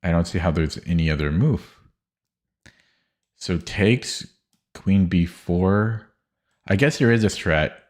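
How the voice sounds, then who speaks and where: Deep-voiced man muttering chess calculations. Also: takes it slowly, long pauses. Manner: hesitant, muttering, many fillers and restarts. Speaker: streamer. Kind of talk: thinking aloud while solving chess puzzles.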